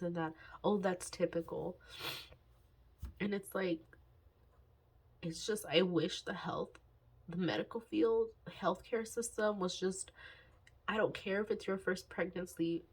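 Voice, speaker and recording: Casual vlogger, woman in her twenties, husky tone, emotional and near tears, halting delivery. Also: mid-range voice. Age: 20s. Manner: halting, sighing, many fillers and restarts. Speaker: budgeting vlogger. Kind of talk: candid personal vlog talk.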